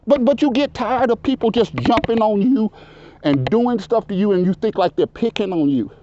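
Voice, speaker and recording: A man in his fifties talks loud and rambles, circling back with "you know what I'm saying" as he tells his story. His voice sits high for a man, and the recording is dull and lo-fi. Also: moderate pace, background noise. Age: 50s. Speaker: local resident telling his story. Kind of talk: casual conversation.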